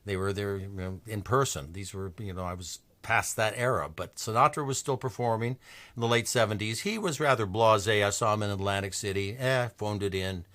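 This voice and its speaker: A man in his seventies from New Mexico gives an anecdotal music lecture, telling stories with enthusiasm and halting restarts. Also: on the low side, fairly bright tone. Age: 70s. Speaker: lecturer and pianist-singer.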